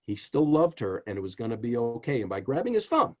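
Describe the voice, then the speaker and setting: Male author guest, lively swooping delivery, emphatic storyteller, dull lo-fi sound. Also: medium pitch, fast talker. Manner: animated, emphatic storyteller who addresses the host directly. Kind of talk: interview storytelling.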